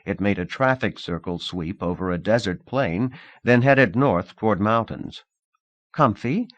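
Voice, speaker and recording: A man narrating a novel in a measured, expressive audiobook reading. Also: lowish voice, no room sound.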